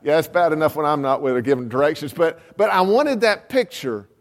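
High-voiced man preaching in a big hall. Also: animated, fairly quick. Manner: storytelling, repeats words as he restarts. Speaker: pastor. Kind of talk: sermon.

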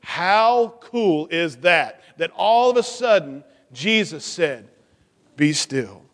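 A man's voice: a little high, lively intonation, takes it slowly, a bit bright. A man leading a children's sermon in a church, coaxing and playful with the kids. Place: church sanctuary. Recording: long church reverb.

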